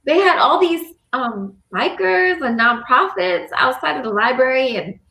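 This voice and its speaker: A woman's voice: high voice, expressive, unhurried, vocal fry, pushed and bright, echoey room. A woman on a video call, speaking in a rambling, heartfelt way with many fillers. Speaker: campaign supporter. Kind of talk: casual video call chat.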